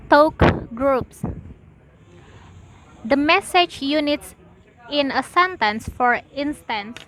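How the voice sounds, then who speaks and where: A young woman, a student presenter, reading lesson notes aloud with deliberate pauses between phrases. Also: high-pitched, fairly bright tone, poor audio.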